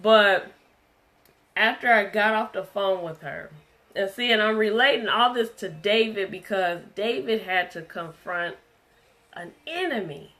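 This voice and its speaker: A woman's voice: medium pitch, unhurried, fairly bright tone. A woman preaching a livestreamed testimony sermon, earnest and emphatic, driving her points home by repeating them.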